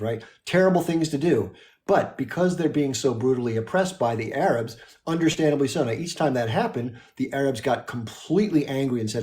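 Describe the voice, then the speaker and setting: A man's voice: mid-range voice, darkish tone. A man hosting a livestream, delivering a blunt, impassioned political monologue with frequent restarts and the odd curse. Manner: emphatic, blunt, swears, restarts often. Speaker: livestream host. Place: home livestream.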